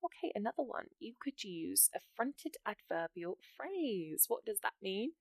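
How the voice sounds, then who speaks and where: A woman with a medium-pitched, very animated voice teaches English writing for an exam at an unhurried pace. She explains the grammar by walking through example sentences step by step, encouragingly, and there is no room sound.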